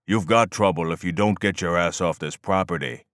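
A man's voice: low voice, normal speed, a bit bright, no room sound, clean studio sound. A man voicing a stern, hostile armed man in his forties who speaks in curt, threatening lines. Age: 40s.

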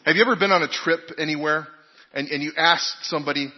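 Talking fast in a fairly high voice, a pastor gives an informal sermon, quizzing the congregation and recounting personal anecdotes. Long hall reverb fills the dull-sounding recording.

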